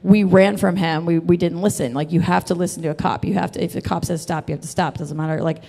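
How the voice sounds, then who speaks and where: A woman's voice: on the low side, fairly even intonation, fast, creaky, mellow, big-room sound. A woman telling a funny personal story on stage, chatty and swearing freely, laughing often between lines.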